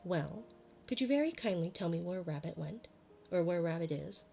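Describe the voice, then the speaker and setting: Bear, storybook: soft, wondering, slightly gravelly, read by a woman. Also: fairly low pitch, lively intonation, normal speed, soft background music. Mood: puzzled. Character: polite puzzled bear, honey-loving and slow-witted. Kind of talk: storybook reading on an ASMR stream.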